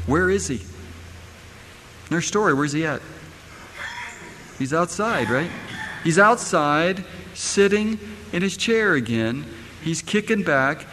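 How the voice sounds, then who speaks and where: A man's voice: fairly high pitch, fairly bright tone, slight background noise. A middle-aged man, a pastor, preaching a sermon and firing rhetorical questions at his congregation. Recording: echoey hall, faint ambience.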